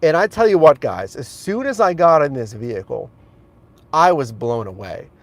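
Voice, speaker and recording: A fairly high-voiced man talks excitedly while walking viewers around a car he films on his phone. He keeps calling the audience guys and gushing about the interior. It is a casual live-stream walkthrough recorded in and around the car. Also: normal speed, no echo. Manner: enthusiastic, chatty, addresses viewers as guys. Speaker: rideshare driver and streamer. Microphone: handheld phone camera.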